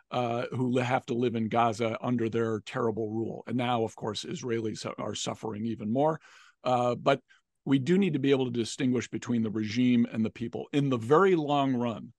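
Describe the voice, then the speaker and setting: Guy doing policy analysis on a talk show, calm and measured, dry close sound. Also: mid-range voice, no room sound. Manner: measured, analytical, frequent restarts. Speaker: political analyst guest. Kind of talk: policy commentary discussion.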